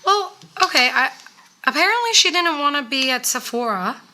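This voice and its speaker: A woman co-hosting a casual makeup chat, a little hoarse from losing her voice, chatty and playfully sarcastic. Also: high voice, animated, normal speed, sharp tone. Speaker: co-host.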